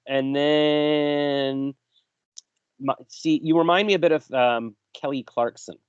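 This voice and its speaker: A man's voice: a little high, takes it slowly, clean tone, no echo. A man hosting a podcast interview, telling long rambling stories and interrupting himself. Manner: rambling, self-interrupting storyteller. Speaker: podcast host. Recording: dull dry lo-fi sound.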